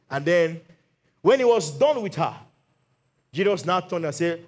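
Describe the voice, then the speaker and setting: A man's voice: high-pitched, moderate pace. A male pastor preaching a sermon, telling Bible stories with acted-out quotes and calls for amen. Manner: animated storytelling, acts out Bible quotes.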